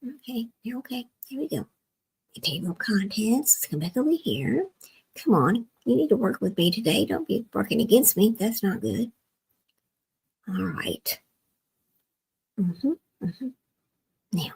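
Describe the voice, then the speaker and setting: Husky woman muttering at her screen. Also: mid-range voice, very animated, unhurried, pauses often, darkish tone, rough recording. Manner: mutters to herself, often drops to a near whisper. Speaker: livestream host. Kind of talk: casual livestream talk while working the screen.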